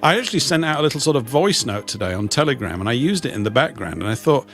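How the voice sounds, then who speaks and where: Lively-voiced co-host. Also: male voice, medium pitch, fast talker. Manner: chatty, self-mocking. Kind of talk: casual live show chat. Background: faint music.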